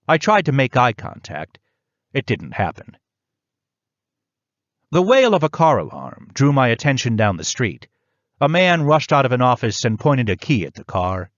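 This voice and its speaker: A man reading a first-person audiobook in a measured, reflective way. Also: mid-range voice, no echo, lo-fi sound. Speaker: audiobook narrator.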